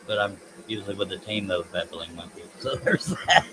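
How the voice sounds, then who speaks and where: In his workshop, a man with a fairly low, animated voice chats at a moderate pace during a woodworking live stream, reading comments aloud. He rambles off topic and pokes fun at himself while background noise and buzzing insects hum beneath him.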